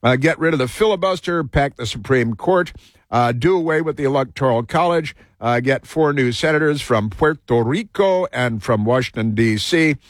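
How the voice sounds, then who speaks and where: A man's voice: medium pitch, moderate pace, no room sound, clean studio sound. A man hosting a talk show, delivering a rambling monologue full of fillers and restarts.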